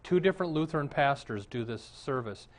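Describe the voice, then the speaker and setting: A man's voice: medium pitch, lively intonation, fairly quick. Man, pastor, sermon, conversational preaching, asks the congregation questions.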